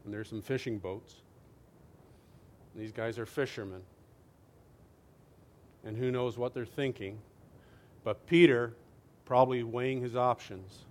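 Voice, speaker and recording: A man preaching a sermon as a lively storyteller, swinging from loud to hushed and often asking his listeners "right?". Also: mid-range voice. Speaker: pastor.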